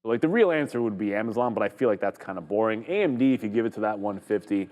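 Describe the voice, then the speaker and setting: A man's voice: fairly low pitch, expressive, very fast, a little mellow, in a large hall. Chatty Canadian man, trading commentary. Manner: chatty, reads viewer comments aloud, laughs easily. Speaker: trading show co-host. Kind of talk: live market commentary.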